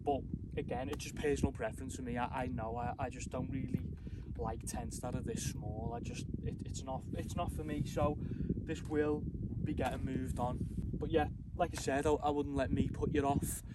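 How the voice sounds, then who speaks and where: A man's voice: mid-range voice, steady tone, moderate pace, heavy background noise. A man, chatting casually and rambling a little to camera at a mountain camp in the morning. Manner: chatty, rambling, self-deprecating. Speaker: camping vlogger. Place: outdoors on a mountain campsite.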